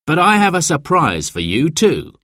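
A man's voice: a little high, wildly swooping pitch, normal speed, pushed and bright, no room sound, studio quality, voice pushed up, exaggerated voice. A man voicing a cheerful, patient uncle who loves to fish, in a storybook reading.

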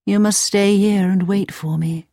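Woman reading a cold regal Snow Queen, slow and low, dry close sound for a storybook. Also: steady tone, mellow, dry recording, close to an everyday voice. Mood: commanding.

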